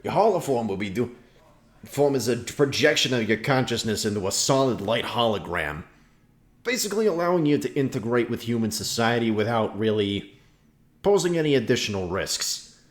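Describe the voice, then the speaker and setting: A man running a tabletop role-playing game over a voice call, telling the story in a lively way with dry, teasing humor. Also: mid-range voice, normal speed. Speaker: game master. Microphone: voice call microphone.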